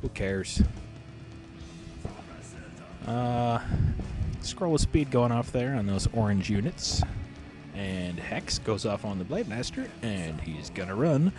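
A man casually narrating a game replay, swearing freely and cracking jokes as he rambles along. His voice sits at an ordinary middle pitch. Faint music plays quietly behind him. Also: big pitch swings, slow, long pauses. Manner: profane, joking, rambling. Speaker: game commentator.

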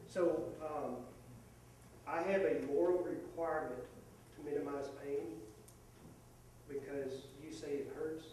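Man audience questioner, blunt and persistent, slightly high, distant mic. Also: steady tone, unhurried, long pauses, darkish tone, a little hiss or hum. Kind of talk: live debate. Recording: echoey room, far from the mic.

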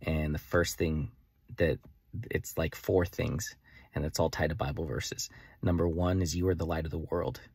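Excitable low-voiced man vlogging. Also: normal speed, vocal fry, slightly rough, no room sound, clean studio sound. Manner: excitable, rambling, many "like" fillers. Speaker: vlogger and faith coach. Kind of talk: enthusiastic daily vlog monologue.

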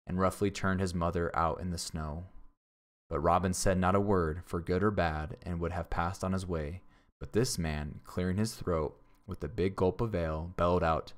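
Deep-voiced teacher reading a story aloud. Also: male voice. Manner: stumbles and corrects himself, pauses to explain words. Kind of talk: reading a classic novel aloud to a class.

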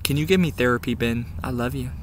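A young man vlogging in a goofy, comedic style, swinging between mock-serious mumbles and loud outbursts. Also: mid-range voice, fast talker, very noisy. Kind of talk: comedic casual vlog. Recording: background music.

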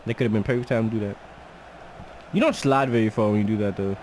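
A man giving excitable, joking commentary while playing a soccer video game, trash-talking the other side. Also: fairly low pitch, fast, slight background noise. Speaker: gamer. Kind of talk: casual gameplay commentary.

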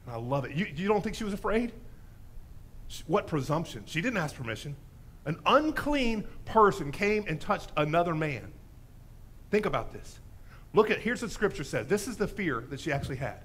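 A man preaching a sermon in a church, telling a story with lively animation and acting out the voices in it. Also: on the high side, normal speed, slightly rough. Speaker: pastor.

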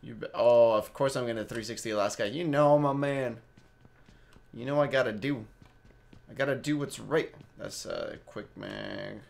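A man's voice: medium pitch, moderate pace, creaky. A young Mexican-Canadian man casually rambling through live gameplay commentary and chatting with his viewers by name. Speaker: game streamer.

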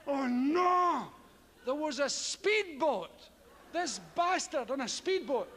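A Scottish man doing stand-up comedy, his voice pitched unusually high for a man and spilling into a long hall echo. He tells his story with plenty of swearing and acts out the yelps and strange noises himself. Faint crowd ambience sits underneath. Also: measured pace, slight background noise. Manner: profane, animated, acts out yells and noises. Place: theatre stage before a live audience.

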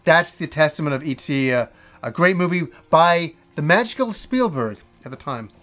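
Middle-aged guy gushing about movies, high voice, rambly and excited, swears a bit. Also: normal speed. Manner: enthusiastic, rambling with restarts and swearing. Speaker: host. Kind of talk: casual movie list talk.

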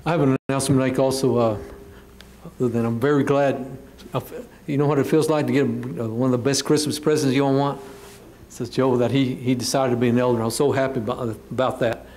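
A man's voice: mid-range voice, steady tone, fairly quick, a little mellow. A man with a Texan accent giving rambling, folksy church announcements as an elder.

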